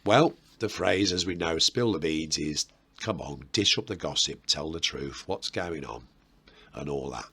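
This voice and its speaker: A man's voice: very deep voice, a little slow, pushed and bright, husky. A man with a Birmingham accent, hosting a history video and explaining old sayings in a chatty, rambling way with self-mocking asides. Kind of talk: casual history explainer to camera.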